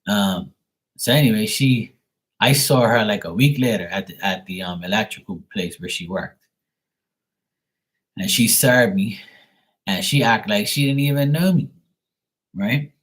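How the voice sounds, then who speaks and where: A man's voice: fairly low pitch, unhurried, long pauses, a bit bright, breathy edge. A man hosting a live stream who tells stories in a rambling, blunt, profane way. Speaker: live tarot reading host. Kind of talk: casual storytelling on a live stream.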